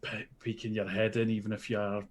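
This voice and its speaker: A man voicing a calm male adventurer who gives measured advice. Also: lowish voice, close to an everyday voice. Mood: warning. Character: calm male adventurer Huron, steady and advising.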